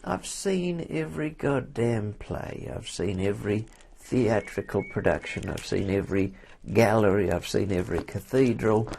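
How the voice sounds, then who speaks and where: A man's voice: lowish voice, lively intonation, moderate pace, gravelly, hardly any pauses, darkish tone, slight background noise. A man playing a haughty, sarcastic elderly woman in a care home, talking drily and grandly dismissing things in an improvised comedy.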